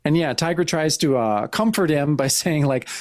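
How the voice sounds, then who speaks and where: A podcast co-host chatting through a comic, describing each panel in turn with plenty of restarts and fillers. The voice sits at a middling pitch, recorded dry and close with no room echo. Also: lively intonation, moderate pace, darkish tone. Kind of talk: casual chat walking through a comic.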